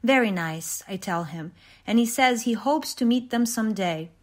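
A woman reading a short story aloud in an even, measured way, with small restarts. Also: fairly high pitch. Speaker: reader.

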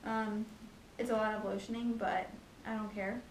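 A young woman in a casual home vlog, talking fast and chattily about her pregnancy, with lots of ums and likes. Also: medium pitch, flat delivery, a little hiss or hum. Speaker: pregnancy vlogger. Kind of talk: casual chat.

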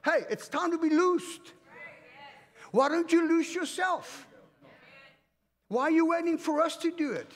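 A man from Africa preaching a fervent, commanding sermon in a church, swinging between loud and hushed. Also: extremely high pitch, a little slow, long pauses. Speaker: pastor. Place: church auditorium. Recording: reverberant church hall.

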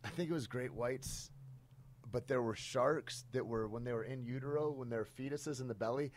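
A man's voice: mid-range voice, normal speed, a little hiss or hum. A man hosting a podcast in casual chat, laid-back and swearing freely. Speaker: podcast host.

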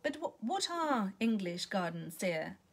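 A woman reading the part of Alison, a mild, hopeful elderly woman with a soft, earnest way of talking. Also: mid-range voice, sing-song, a little slow.

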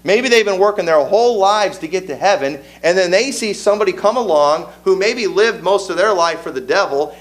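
Higher-voiced pastor preaching, folksy. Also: male voice, fairly bright tone. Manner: folksy storytelling with rising emphasis. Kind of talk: sermon. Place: church.

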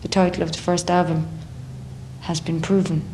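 A young Irish woman in a casual interview, a singer talking in a chatty, animated way and acting out other people's voices. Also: on the low side, moderate pace, slight background noise. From Ireland. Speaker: singer in a band.

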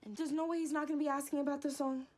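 A woman plays a young woman rushing through an apology to a friend. Her voice is high and bright in register. The manner is hurried and apologetic. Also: flat delivery, close to an everyday voice.

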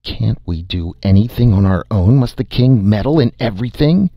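Snarling young rebel leader, read by a man, deep and husky, muffled recording. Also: animated, normal speed, dry recording. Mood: angry. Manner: snarling, impatient.

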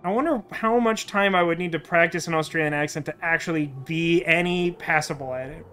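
A man's voice: on the high side, brisk, few pauses, sharp tone, a little hiss or hum. A young man chatting through a game as host, self-mocking and trying out character voices. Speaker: let's play host. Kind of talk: casual gameplay commentary.

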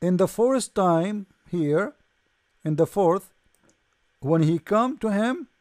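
High-voiced sarcastic man lecturing. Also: expressive, slow, darkish tone, no echo, studio quality. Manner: sarcastic, mocking, rhetorical questions; non-native English grammar. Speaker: religious debate speaker. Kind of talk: lecture-style commentary.

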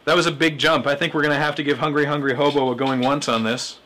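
Bright-voiced man hosting an auction. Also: fairly high pitch, steady tone. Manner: brisk, announcing bids. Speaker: charity stream host.

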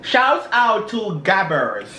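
A woman's voice: medium pitch, big pitch swings, slow, bright, forceful tone, a little hiss or hum. A woman co-hosting a mukbang chat, trading sassy, joking banter. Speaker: co-host. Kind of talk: mukbang chat and quiz game. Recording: echoey room.

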